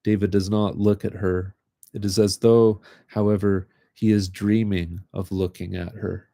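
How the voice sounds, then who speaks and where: Low, dark-voiced man reading stories aloud. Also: gravelly, no echo. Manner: calm, unhurried reading with casual filler-heavy asides. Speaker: reader of short fiction. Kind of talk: live reading of literary fiction.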